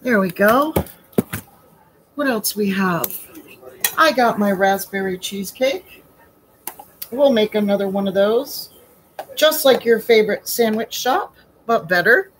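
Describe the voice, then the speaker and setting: A woman's voice: medium pitch, lively intonation, measured pace, long pauses, a little hiss or hum, rough recording. A woman hosting a chatty baking demo from her home kitchen, asking rhetorical questions and calling her viewers sweetie and honey. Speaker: home baker and host.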